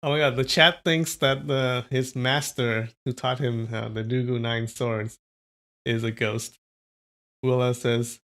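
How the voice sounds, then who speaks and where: A man's voice: medium pitch, flat delivery, measured pace, fairly bright tone. A man reading a novel aloud on a live stream, with casual, chatty asides.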